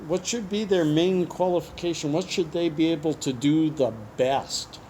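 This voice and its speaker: A man's voice: on the high side, moderate pace, mellow, a little hiss or hum. A man from Canada, hosting a casual interview and reading out viewer questions in a chatty, joking way with frequent asides. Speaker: YouTube host.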